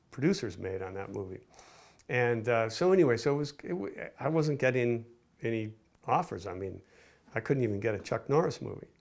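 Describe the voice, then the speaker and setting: An older man with a low, gravelly voice looks back on his film career. He rambles, doubling back and restarting his sentences in a loose interview manner. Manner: rambling, with many restarts and fillers. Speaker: film director and producer. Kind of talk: casual interview recollection.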